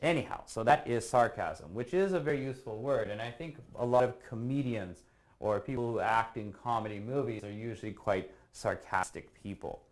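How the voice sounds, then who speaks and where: A man teaching a casual online English lesson over a video call. He explains patiently and often checks in with a quick question at the end of a point. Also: on the low side.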